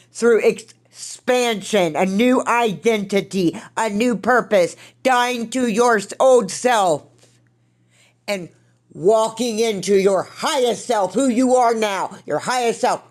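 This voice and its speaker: A woman's voice: mid-range voice, slow pace. A woman hosting a podcast, giving an earnest spiritual self-help talk, candid and blunt with occasional swearing, speaking from her own recovery. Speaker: podcast host.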